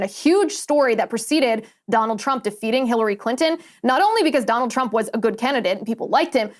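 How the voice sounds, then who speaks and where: A woman hosting a political commentary show, talking in an emphatic monologue that repeats words for effect. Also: a little high.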